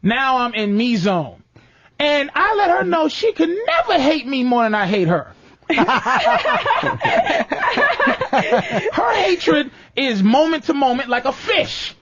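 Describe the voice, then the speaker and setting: Man with a high, lively voice. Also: unhurried, highs cut off, over a noisy crowd. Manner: animated storytelling with acted-out quotes. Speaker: radio show host. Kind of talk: loose comedic radio talk.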